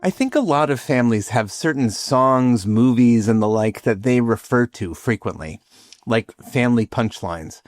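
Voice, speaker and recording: A man hosting a podcast, reading scripted reflections in a measured, lightly humorous way. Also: mid-range voice, animated, no echo, faint music behind. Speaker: podcast host, rabbi.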